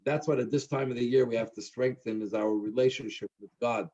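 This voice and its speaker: An earnest rabbi closes an evening talk with a halting, filler-filled telling of a story. His voice is dark and mellow. The recording sounds dull and muffled. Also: medium pitch, steady tone. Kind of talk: closing remarks and a told joke at a talk.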